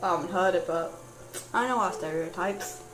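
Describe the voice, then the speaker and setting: A woman's voice: lowish voice, normal speed, a bit bright, soft background music, rough recording. A young woman with a British accent, rambling casually about a character she writes, with lots of fillers and restarts. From Britain. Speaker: writer discussing her character.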